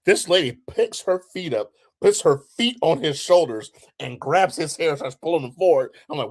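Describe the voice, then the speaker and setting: A man's voice: on the high side, moderate pace, hardly any pauses. A man co-hosting a casual podcast, telling a story with lots of swearing. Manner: lively storyteller, swears freely. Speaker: podcast co-host. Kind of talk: casual chat.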